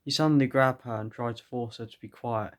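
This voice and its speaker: A man's voice: medium pitch, steady tone, brisk. Man reading an AI story aloud. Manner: breaks into laughter, comments between lines. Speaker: reader of an AI-written story.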